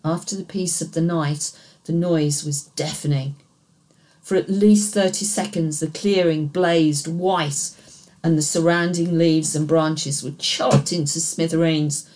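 A woman with a low, deep voice narrates a thriller in the first person. Her reading is steady and measured, paced for an audiobook.

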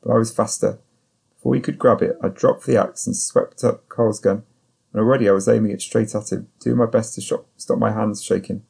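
A man reading a thriller audiobook in first person, at a steady, measured pace. His voice is low and gravelly, with a dark, slightly husky tone. The delivery stays even and controlled. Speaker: audiobook narrator. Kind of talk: scripted first-person narration.

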